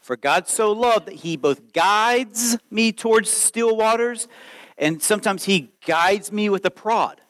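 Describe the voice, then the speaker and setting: A man in his late thirties preaching a sermon, lively and conversational, acting out quoted voices as he goes. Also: sits high, a little slow, rough recording. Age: 30s. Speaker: pastor.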